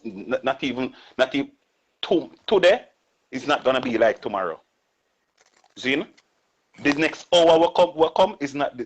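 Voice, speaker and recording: A middle-aged Jamaican man speaks as a guest in a casual interview, thinking out loud and tagging his points with quick questions. His voice sits in an ordinary middle range. The recording is dull and lo-fi. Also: medium pitch. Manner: reflective, repeats tag questions. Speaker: guest artist. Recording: muffled lo-fi audio.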